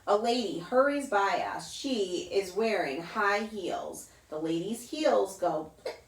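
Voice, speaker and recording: Animated woman reading a kids' story. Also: a little slow, few pauses, recorded from a distance. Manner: animated, mimics sounds in a high playful voice. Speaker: children's yoga teacher. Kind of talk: reading a picture book aloud to children. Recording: roomy echo, voice off-mic.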